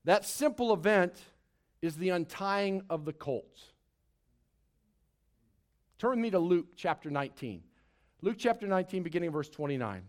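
Pastor, male, high tenor; dynamic preacher who mixes big dramatic emphasis with hushed lines and joking asides. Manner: expressive preaching, big swings in loudness and pitch, drawn-out dramatic phrases; playful asides to the congregation. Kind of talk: sermon. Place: church service before a congregation.

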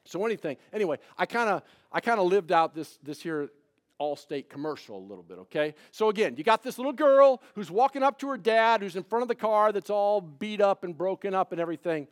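A man's voice: high-pitched, lively intonation, brisk. A man pastor preaching a sermon, shifting between conversational storytelling and emphatic preaching.

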